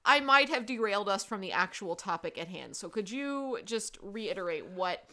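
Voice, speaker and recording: Thirties woman, podcast co-host, wry and quick with her questions, bright voice, animated. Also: mid-range voice. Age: 30s. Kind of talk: casual chat.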